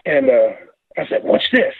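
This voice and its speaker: A man calling in to a radio talk show, telling his story in a rambling, halting, excited way. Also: medium pitch, slightly rough, no room sound. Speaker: caller. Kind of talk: casual phone-in story. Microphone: phone. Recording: tinny phone line.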